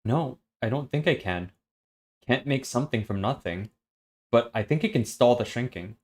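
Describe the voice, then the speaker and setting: A man's voice: medium pitch, expressive, normal speed, natural voice. A man voicing a weary, guarded young woman healer in a plain reading voice while reading a story aloud. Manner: plain reading voice, little change for the figure.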